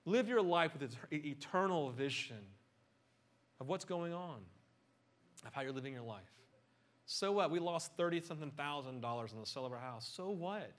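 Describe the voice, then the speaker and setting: Animated, joking preacher man. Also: fairly high pitch, normal speed. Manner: animated, conversational, joking asides. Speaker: pastor. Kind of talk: sermon.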